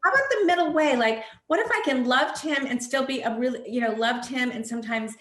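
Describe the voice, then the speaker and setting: A woman's voice: sits high, a little fast, a bit bright. An older woman, a psychotherapist guest on a talk show, speaking in an encouraging, emphatic way. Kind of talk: counseling-style talk show chat. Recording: roomy echo.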